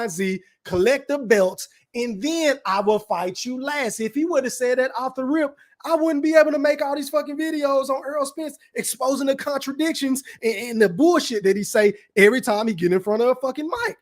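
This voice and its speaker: A young man from Dallas, hosting a casual live stream, reading chat comments aloud and ranting in profane slang. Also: extremely high pitch. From Dallas, Texas.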